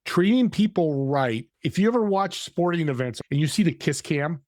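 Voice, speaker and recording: A man guest on a podcast, telling a story in an animated way and acting out the dialogue. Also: on the high side, normal speed, dry recording, clean studio sound. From California.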